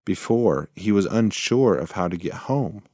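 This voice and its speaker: A man reads a children's story aloud, slow and measured. His voice is low but lively, rising and falling as he goes. The recording is dry and close. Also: no echo. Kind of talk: storybook narration.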